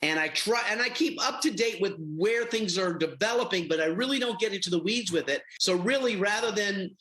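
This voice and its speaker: Middle-aged male TV host, bright forward tone, easy anecdotal interview delivery. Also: sits high, fairly quick, low-quality recording. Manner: affable storyteller, animated. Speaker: reality show host. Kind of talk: TV interview answers.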